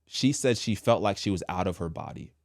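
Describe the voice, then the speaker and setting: A man with a fairly low voice tells a personal story in an animated, slangy way, slipping into the voices of the people in it. The sound is dry and close, with no room echo. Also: brisk, gravelly. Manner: animated, acts out quotes with slang. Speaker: storyteller sharing a testimony.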